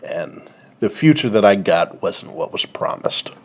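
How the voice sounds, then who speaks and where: A man's voice: fairly low pitch, expressive, a little mellow. Guy rambling thru a made-up movie plot, laughing, jumping into silly voices. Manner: rambling, acts out lines in quick put-on voices. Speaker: podcast co-host. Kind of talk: casual comedy chat.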